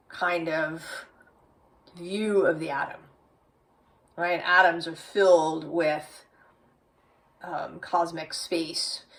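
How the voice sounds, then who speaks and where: Woman tarot reader, slow and lowish, thinks out loud, slightly off-mic. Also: gravelly, distant mic, low-quality recording. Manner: slow, musing, with many "right?" tags. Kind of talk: tarot reading.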